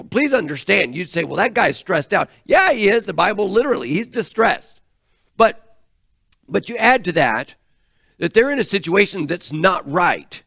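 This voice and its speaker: A man's voice: on the high side, creaky, fairly bright tone, dry recording. A man preaching an earnest, emphatic sermon as pastor in a church, with frequent fillers and restarts.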